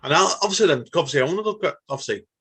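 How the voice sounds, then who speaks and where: A man from England hosting a casual interview, talking quickly with stumbling restarts. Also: fairly high pitch, expressive, bright, forceful tone, breathy edge. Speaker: podcast host.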